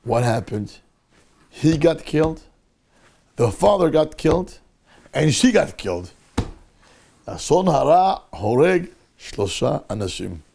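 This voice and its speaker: A male rabbi with a highish, creaky voice teaches a Torah class at a normal pace, leaving long pauses. He tells a story with animation, acting out the people in it.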